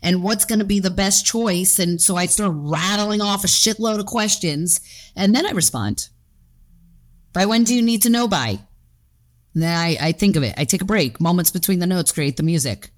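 Low-voiced woman near fifty, candid interview guest, lively and profane. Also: normal speed. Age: around 50. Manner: animated, acts out inner voices, swears freely. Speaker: guest, fitness coach and gym owner.

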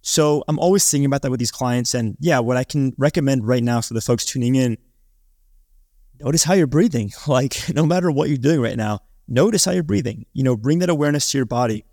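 A man's voice: mid-range voice, fast talker, hardly any pauses, a little mellow, no room sound, clean studio sound. A man who hosts a podcast, giving casual advice in a chatty way, often restarting and filling with likes and ums. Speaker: podcast host.

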